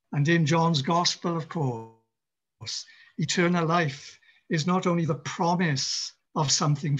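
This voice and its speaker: A man preaching a sermon in a church, impassioned, with dramatic pauses and repeated phrases. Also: high voice, a bit bright, highs cut off. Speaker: pastor.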